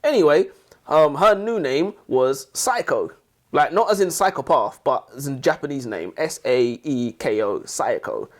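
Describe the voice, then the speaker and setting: A man's voice: on the high side, lively intonation, a little slow. A man co-hosting a casual book discussion, chatty and prone to long digressions. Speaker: podcast co-host.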